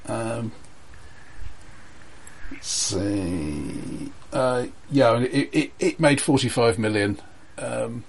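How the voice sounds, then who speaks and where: A man running through a film chart in a casual chat with a friend. He speaks in a measured, hesitant way, pausing often on ums and uhs. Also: mid-range voice, lively intonation, creaky. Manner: measured, hesitant, many fillers. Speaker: podcast co-host presenting a chart.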